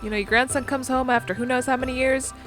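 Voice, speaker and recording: A woman's voice: high-pitched, steady tone, fast, a bit bright, faint music behind. A woman giving casual, rambling commentary as she plays through a video game. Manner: chatty, rambling, lots of fillers. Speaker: video game let's player.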